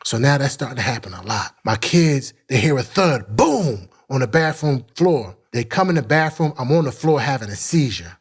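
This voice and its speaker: A man's voice: mid-range voice, expressive, moderate pace, few pauses, breathy edge. A middle-aged man from Philadelphia, a podcast guest telling his story in a blunt, profane, candid way and acting out the people he quotes. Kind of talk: casual storytelling.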